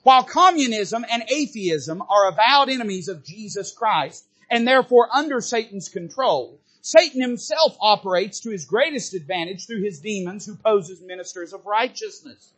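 A man preaching a church sermon with fervor, at times rising to a shout. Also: sits high, expressive, moderate pace, breathy edge. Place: church service.

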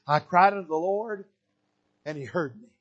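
An older male pastor from Michigan preaches from the pulpit in a notably high voice. He swings from shouted exhortation down to hushed, soft emphasis. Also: normal speed, muffled recording. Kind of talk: preaching a sermon. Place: church pulpit.

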